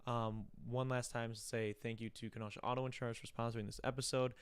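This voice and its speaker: A man's voice: mid-range voice, little pitch movement, quick pace, clear, resonant tone, no echo. A man hosting a casual podcast, telling stories in a loose, rambling way with lots of fillers, on a studio mic. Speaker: podcast host. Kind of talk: casual chat.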